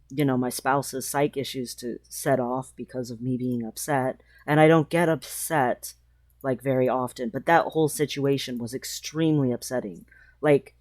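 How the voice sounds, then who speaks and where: A trans woman telling a personal story in a vlog, speaking emotionally with halting restarts. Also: rumbling low, darkish tone, no echo, clean studio sound. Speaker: vlogger.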